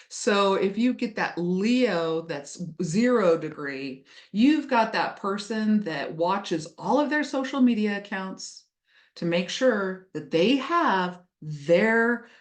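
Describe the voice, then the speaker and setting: A woman who hosts a casual astrology lesson, chatty and playful, slipping into little acted voices. Her voice sits at a middle pitch and carries a roomy echo. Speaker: astrology teacher. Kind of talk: casual teaching talk.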